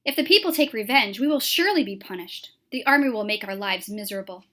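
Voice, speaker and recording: A woman's voice: mid-range voice, expressive, fast talker, fairly bright tone, lightly acted. A woman voicing a worried tribal elder addressing the young, reading with grave, urgent stress on key words.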